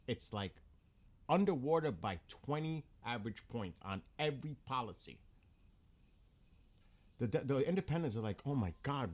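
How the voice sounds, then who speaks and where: A man's voice: medium pitch, darkish tone. A man ranting bluntly about politics in a casual vlog, heated and swearing often. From United States. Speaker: vlogger.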